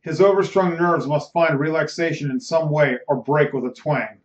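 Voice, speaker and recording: A man reading a novel aloud as host of a bedtime reading show, measured and dramatic. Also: on the high side, steady tone. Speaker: audiobook reader, host. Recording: roomy, slightly muffled recording.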